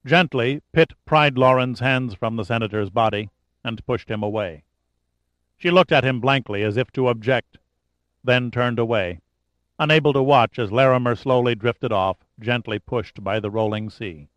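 A man's voice: medium pitch, moderate pace, no room sound. Man narrating a dramatic audiobook. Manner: steady dramatic reading. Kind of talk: scripted narration.

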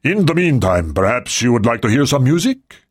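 A man voicing a courteous male government aide who speaks formally, in a raised, husky voice. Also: mid-range voice, big pitch swings, moderate pace, dry recording, clean studio sound. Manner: polite, formal hospitality.

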